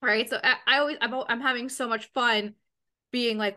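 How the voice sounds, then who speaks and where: A woman's voice: on the high side, fairly even intonation, normal speed, crowd noise. A woman in casual conversation, rambling and swearing freely as she acts out scenes in quoted dialogue. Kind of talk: casual chat.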